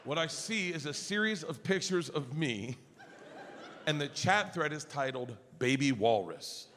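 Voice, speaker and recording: A middle-aged man doing a stand-up comedy set, telling stories loudly and acting out quoted lines in shifting voices. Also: on the high side, animated, a little slow. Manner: loud storytelling, acts out quotes in shifting voices. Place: comedy stage before a laughing audience. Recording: live stage mic with audience noise.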